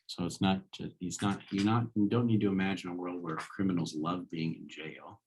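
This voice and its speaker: A man's voice: low voice, steady tone, normal speed, darkish tone, slight background noise. A man giving a casual philosophy lecture, talking conversationally and checking in with rhetorical questions.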